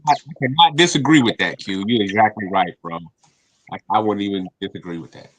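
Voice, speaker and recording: A man's voice: lowish voice, fairly quick, fairly bright tone, low-quality recording. A man chatting casually on a panel podcast, with laid-back, profane, agreeable banter. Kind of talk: casual chat.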